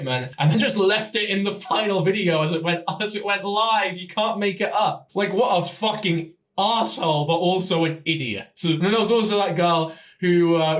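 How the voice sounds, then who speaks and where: Exasperated man, high, roomy sound. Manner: blunt, exasperated, swears a lot. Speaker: commentary YouTuber. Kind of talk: profane reaction commentary.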